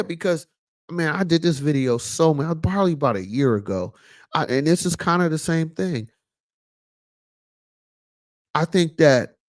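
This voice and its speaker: A man's voice: fairly high pitch, darkish tone. A man giving a casual, preachy commentary monologue, repeating lines for emphasis and dropping in lots of fillers. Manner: loose casual speech with many fillers. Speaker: vlog host.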